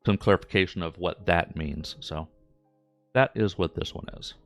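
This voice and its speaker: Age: unknown. Sex: man. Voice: very deep. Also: normal speed, vocal fry, no echo, soft background music. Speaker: streamer host. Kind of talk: live stream commentary.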